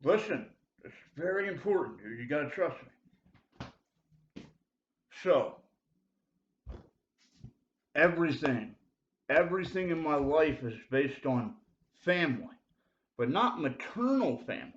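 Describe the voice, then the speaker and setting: A man's voice: on the high side, big pitch swings, a little slow, long pauses. Rambling man, urgent confessional talk. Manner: rambling, heavy fillers like dude and bro; urgent, insistent appeals to the listener. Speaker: self-made video preacher. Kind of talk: rambling confessional monologue to camera. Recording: roomy, dull lo-fi sound.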